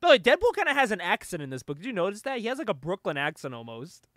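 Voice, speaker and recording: A young man co-hosts a casual comic review, retelling scenes with constant giggles and fillers. His high voice swings around a lot. The sound is dry and close. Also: wildly swooping pitch, very fast, a bit bright, no room sound. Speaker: podcast co-host.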